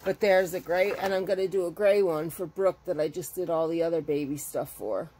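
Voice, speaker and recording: A woman's voice: lowish voice, fairly quick, warm tone, slight background noise. A middle-aged woman chatting casually as a crochet vlogger at home, rambling and emotional as she talks. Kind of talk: casual chat. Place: home with her dogs.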